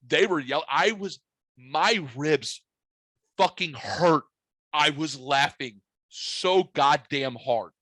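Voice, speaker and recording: A man hosting a podcast, telling a story in casual chat, profane and animated, getting louder as he laughs. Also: a little high, slow, no room sound. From St. Louis, USA. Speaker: podcast host.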